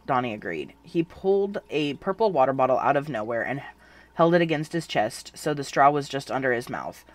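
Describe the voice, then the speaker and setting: A narrator reading a second-person fan fiction story aloud in an even, unhurried way. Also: medium pitch.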